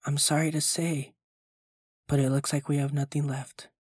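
A folksy ice cream truck driver coaxes gently in a dry, close voice, as a man reads him aloud. He keeps an even, mid-pitched delivery with little rise and fall. The voice sits right on the mic with no room around it. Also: normal speed, slightly rough, no echo. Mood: coaxing.

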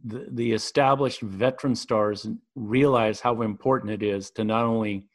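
A man's voice: lowish voice, fairly even intonation, moderate pace. A man interviewing a guest and asking long questions with many fillers. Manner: hesitant, with fillers.

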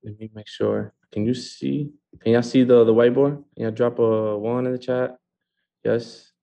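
A man's voice: mid-range voice, fairly even intonation, normal speed, vocal fry, warm tone, highs cut off. A man hosting a live online training call from a home, talking in an upbeat way and repeating words for emphasis. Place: a home in California.

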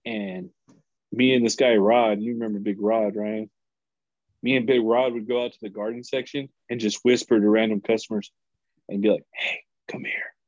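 A man's voice: lowish voice, moderate pace, no echo, muffled recording. Man telling wild work stories. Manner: animated storyteller, acts out voices, swears freely. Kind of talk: casual podcast storytelling.

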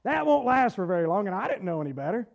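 A man, preaching a fervent sermon with halting restarts and shouted bursts. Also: high voice, sing-song, gravelly. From Southern United States. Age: 40s. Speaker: pastor.

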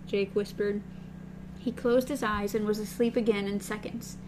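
A woman's voice: medium pitch, steady tone, moderate pace, noisy background. A woman co-hosting a casual book discussion, recapping and reading passages aloud.

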